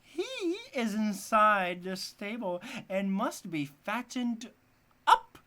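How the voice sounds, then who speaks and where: A wicked old storybook witch, as a man puts her on, screeching in a shrill, cackling voice far above his own. Her pitch lurches wildly up and down, and her words come out bright and piercing. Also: very animated, slow pace, full character voice. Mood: shrieking. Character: wicked old child-eating witch, shrieking and gloating.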